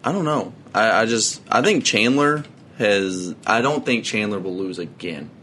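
A man's voice: on the low side, expressive, a little slow, sharp tone, a little hiss or hum. A young man co-hosting a casual podcast chat, easygoing and agreeable. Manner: easygoing, agreeable, says yeah a lot. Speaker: podcast co-host.

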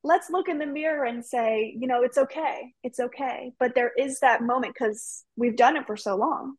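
A woman's voice: a little high, normal speed, no echo. A woman hosting an interview, encouraging and bubbly, saying "like" a lot. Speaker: host. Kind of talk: conversational interview.

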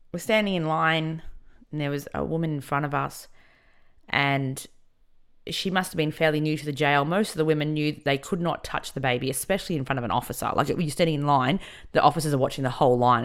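This woman's voice sits low, with a clear and resonant tone, as she hosts a podcast. She recounts a personal story frankly, chatting along with lots of filler words.

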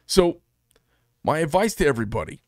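This middle-aged American knife maker talks to camera by himself, blunt, combative and profane, as his channel's host. His voice is a little high and a little mellow, with big pitch swings at a moderate pace, recorded dry in studio quality.

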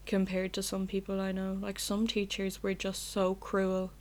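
A young Irish woman talks alone in her bedroom in a loose, casual podcast chat. She rambles candidly and swears without a second thought. Her voice sits at an ordinary middle pitch for a woman. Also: monotone, moderate pace. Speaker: podcast host.

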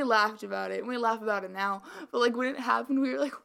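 A woman's voice: fairly high pitch, fast talker, vocal fry, hardly any pauses, bright, forceful tone, clear, resonant tone. A young woman co-hosting a podcast in casual chat, rambling with lots of filler words and a slight mumble. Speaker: podcast co-host.

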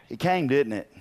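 A man preaching a sermon in an animated way, asking the congregation questions and rising to shouts. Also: mid-range voice. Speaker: pastor.

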